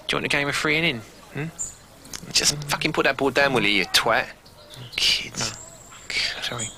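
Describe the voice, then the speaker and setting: A man's voice: mid-range voice, a little slow, long pauses, sharp tone, a little hiss or hum. A man voicing a brash young male footballer who swears constantly. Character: foul-mouthed, touchy young male footballer.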